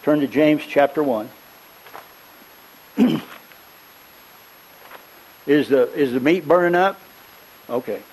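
An older man preaching a sermon in a rambling, conversational way. He tells folksy stories and often stops to clear his throat. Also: on the high side, expressive, takes it slowly, long pauses, darkish tone, poor audio.

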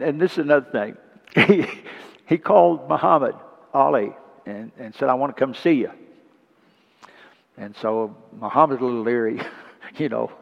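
Gravelly preacher telling stories in a hall. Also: male voice, mid-range voice. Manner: storytelling with asides and frequent throat clearing. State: emotional. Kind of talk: sermon. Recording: muffled recording with long reverb.

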